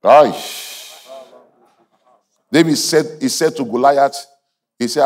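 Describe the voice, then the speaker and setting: A man preaching a sermon in a hall, emphatic and repeating his phrases, building up to shouts. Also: on the high side, expressive, moderate pace, pauses often. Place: large hall or convention venue.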